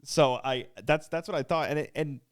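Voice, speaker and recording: A man co-hosting a podcast in casual chat, laid-back and halting, with lots of fillers and swearing. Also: a little high, fairly even intonation, clear, resonant tone. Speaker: podcast co-host.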